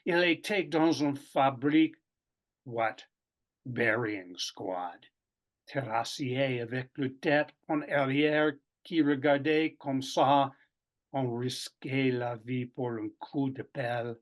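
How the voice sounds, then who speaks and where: Man, poetry seminar leader, slow deliberate pace, reflective and halting, video call audio. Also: medium pitch, a bit bright. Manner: reflective, halting, reads passages aloud. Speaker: seminar facilitator. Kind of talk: poetry seminar reading and commentary.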